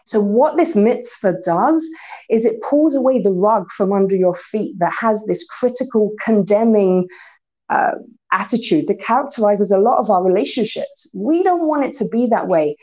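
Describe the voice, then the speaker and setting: A woman teaching a lesson on Torah values to an unseen audience, lively, spelling out letters and acting out little quoted exchanges. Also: medium pitch, moderate pace, muffled recording. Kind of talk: recorded talk to an unseen audience.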